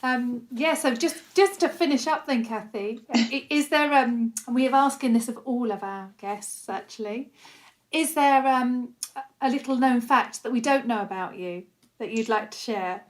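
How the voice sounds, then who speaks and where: A woman's voice: a little high, normal speed, low-quality recording. A woman co-hosting a podcast, chatting in a friendly, casual way with a guest. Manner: friendly, chatty, wrapping up questions. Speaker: podcast co-host.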